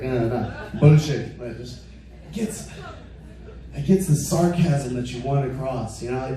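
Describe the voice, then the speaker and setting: A man's voice: medium pitch, dark tone, a little hiss or hum. A young man doing stand-up in a comedy club, rambling and filling almost every phrase with "like" while chatting with the crowd. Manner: chats with the crowd. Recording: echoey club from far off.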